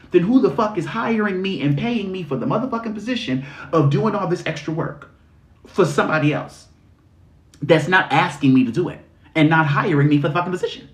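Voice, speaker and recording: Guy ranting on a live stream, swears a lot, fires off questions, slightly high voice, echoey room. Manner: blunt, heavy swearing, preachy rhetorical questions; animated, swings into mocking high-pitched voices. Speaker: spiritual reader and live-stream host. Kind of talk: profane motivational live-stream rant. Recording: roomy echo.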